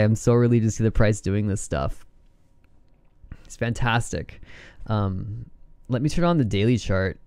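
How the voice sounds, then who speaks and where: Giddy, excitable man talking charts. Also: fairly low pitch, a little slow, long pauses, clear, resonant tone, no echo, clean studio sound. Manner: excitable, laughs and whoops, giddy. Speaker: trading vlogger. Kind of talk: casual chart commentary.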